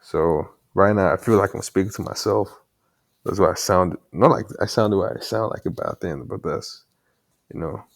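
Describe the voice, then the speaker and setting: Late at night, a male developer vlogger with an African accent talks to himself as he codes, loose and casual, sprinkling in fillers and mild swearing. His voice sits low and moves at a normal speed, picked up by a headset mic held well away from his mouth.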